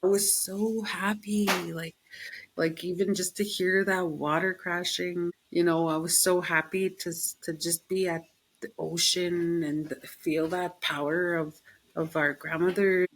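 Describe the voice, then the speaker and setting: A middle-aged woman with a slightly low voice, talking as a podcast guest. She tells stories in a relaxed, chatty way and acts out what she and others said. She uses plenty of fillers and laughs easily. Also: a little slow, breathy edge, low-quality recording. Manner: animated storytelling, acts out her own quotes. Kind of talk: casual interview chat.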